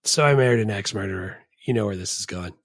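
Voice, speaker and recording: A man's voice: fairly low pitch, quick pace, vocal fry, no echo, clean studio sound. A man co-hosting a movie podcast, chatting casually and jokingly. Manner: jokey, drops into quoted voices. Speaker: podcast co-host. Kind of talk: casual chat.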